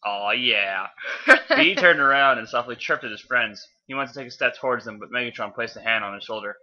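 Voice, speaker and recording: A man reads a fanfic aloud in a casual, offhand way, tripping over words and fixing them as he goes. His voice is very bright, and the recording sounds dull and lo-fi. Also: mid-range voice, very animated, quick pace. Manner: offhand, stumbles and corrects himself. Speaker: fanfiction reader.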